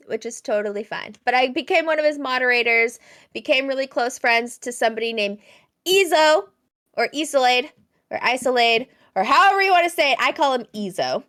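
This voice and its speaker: A woman's voice: high-pitched, a bit bright. A woman co-hosting a podcast, telling a rambling story in a chatty, casual way. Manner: chatty, rambling, laughs easily. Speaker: podcast co-host.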